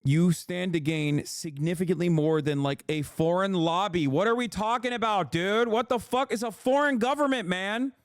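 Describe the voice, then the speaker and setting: A man's voice: high-pitched, moderate pace, hardly any pauses, clean tone, no echo, studio quality. A political streamer, a man, delivering heated, profane live-stream commentary.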